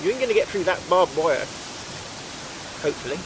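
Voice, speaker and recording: A man's voice: a little high, expressive, brisk. Rambling West Country man outdoors. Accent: West Country English. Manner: chatty, rambling, talks to himself while working. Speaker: metal detecting vlogger. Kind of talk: casual commentary to camera. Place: outdoors in rural fields. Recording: hissy outdoor recording with wind and rain.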